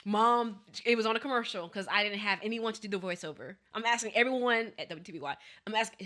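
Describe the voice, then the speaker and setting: A young woman who talks fast and animated, chatting casually as a podcast co-host. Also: mid-range voice. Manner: fast-talking, animated, self-deprecating. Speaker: co-host, daughter. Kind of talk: casual chat.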